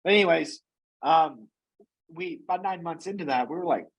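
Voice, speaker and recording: Energetic man telling his startup story. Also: a little high, normal speed, rough recording. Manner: energetic storyteller, tag questions like "right?" and "you know". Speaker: guest, company founder and CEO. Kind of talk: casual interview talk.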